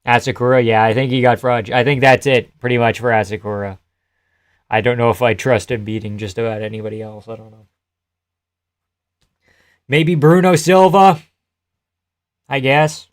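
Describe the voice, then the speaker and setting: A young man streaming live, chatting loosely to his viewers. His pitch sits in the ordinary middle for a man. He laughs often, swears freely and answers chat between remarks. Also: normal speed, long pauses, clear, resonant tone. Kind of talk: casual live-stream commentary.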